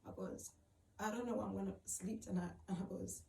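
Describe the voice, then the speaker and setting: A woman tells her own story in a halting, emotional way, often repeating herself and filling gaps with "like". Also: mid-range voice, fairly even intonation, vocal fry, warm tone. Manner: halting, repeats phrases, many fillers. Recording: roomy, distant mic, faint background noise.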